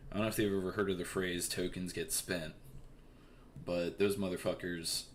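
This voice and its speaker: Young male streamer with a deep voice, swearing and rambling through news commentary over faint noise. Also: little pitch movement, moderate pace. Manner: profane, rambling, filler-heavy.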